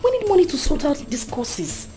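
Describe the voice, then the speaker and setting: A woman's voice: sits high, sing-song, normal speed, warm tone, faint music behind. An actress playing a scheming young female student with a Nigerian accent, coaxing and persuasive. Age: young adult. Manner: coaxing, persuasive, mixes Pidgin. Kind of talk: Nollywood-style skit acting.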